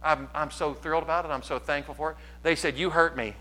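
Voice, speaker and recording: A male pastor delivering a sermon to his church, his voice sitting a bit high with a bright, forceful edge. He preaches in an animated way, moving from loud, pressing lines to soft, quiet asides. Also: fast talker.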